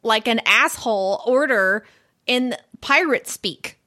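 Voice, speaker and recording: Lively, bright-voiced playful woman co-host. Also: a little high, slow. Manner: playful, teasing, jokey. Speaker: podcast co-host. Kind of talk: casual chat.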